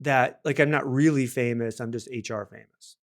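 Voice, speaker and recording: A man's voice: medium pitch, steady tone, moderate pace. A man hosting a podcast, teasing his guest playfully and laughing often. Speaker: podcast host. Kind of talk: casual podcast chat.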